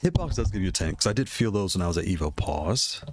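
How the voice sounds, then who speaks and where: Here a gaming hardware video creator talks casually about game controllers as he browses, laughing often, rambling, and going over the same points again. He has a low, sing-song voice at a quick pace, recorded with no room sound.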